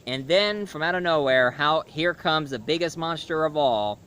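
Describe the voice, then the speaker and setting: A man giving a casual video review, talking haltingly with frequent restarts and self-corrections. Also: fairly high pitch, animated, a bit bright, clean tone.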